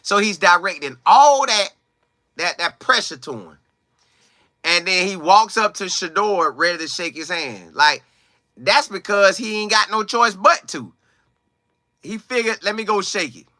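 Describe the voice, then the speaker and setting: Male sports vlogger, bright forceful voice, dry close sound, animated and emphatic. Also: sits high, measured pace, no room sound. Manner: animated, emphatic, slangy storytelling. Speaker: sports commentator. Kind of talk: casual commentary vlog.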